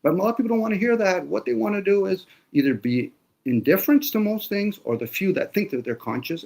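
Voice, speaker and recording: A man's voice: sits high, animated, fast, vocal fry, a little mellow. Blunt, swearing man ranting. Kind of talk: casual conversation.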